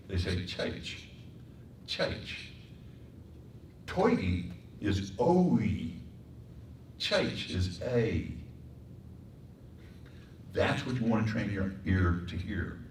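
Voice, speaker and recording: Low-voiced man lecturing in an echoey room. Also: slight background noise. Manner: demonstrates voices and accents, animated. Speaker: voice acting teacher. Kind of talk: workshop lecture. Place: performing arts center room. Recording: echoey room, mic far off.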